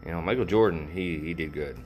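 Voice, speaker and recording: A man's voice: low voice, fairly quick, a little mellow, a little hiss or hum. An older man talking casually and rambling to his viewers, with lots of fillers and swearing. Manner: rambling, profane, frequent fillers. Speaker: vlogger.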